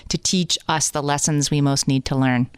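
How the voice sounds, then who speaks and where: A woman's voice: sits low, fairly even intonation, moderate pace, smooth, no echo. A woman co-hosting a podcast about motherhood, speaking earnestly in casual chat and acting out her own inner thoughts.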